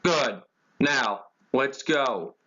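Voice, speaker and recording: A man's voice: medium pitch, expressive, very slow, bright, forceful tone, heavily acted. A man voicing a firm young male tank engine who scolds troublemakers, in a dull lo-fi recording. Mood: stern. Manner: stern and reproachful.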